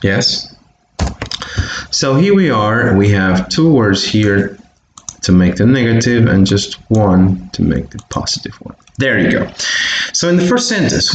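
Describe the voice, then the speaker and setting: A man from Bolivia teaching a recorded online English lesson, modelling pronunciation slowly and carefully. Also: on the low side, big pitch swings, slight background noise. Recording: echoey room, faint keyboard typing.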